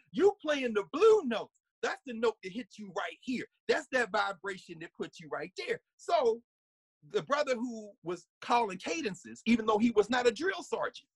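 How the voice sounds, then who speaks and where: Laughing frequently, a man gives an animated, conversational lecture, breaking into bits of song and performing character voices now and then. His voice sits high with a breathy edge, and there is no echo.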